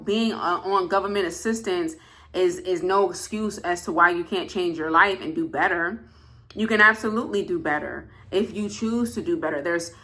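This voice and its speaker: A woman's voice: on the low side, a bit bright. A young woman vlogger talking heartfelt and casual to her viewers, earnest and emphatic, repeating phrases with many fillers, at times close to tears. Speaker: food vlogger. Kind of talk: heartfelt casual talk to camera.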